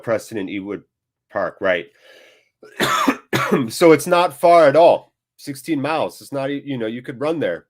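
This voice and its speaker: A chatty man hosts a live football watchalong. He mixes play-by-play reactions with casual banter. He keeps a playful, friendly tone and answers viewers in the chat by name. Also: mid-range voice. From United States. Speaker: host of a fan channel.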